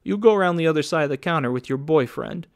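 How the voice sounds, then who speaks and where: Man doing a sneering, mocking gunman, pitched a little high, in a plain storybook read. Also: expressive, fast, vocal fry. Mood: taunting. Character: taunting, talkative male hired gunman.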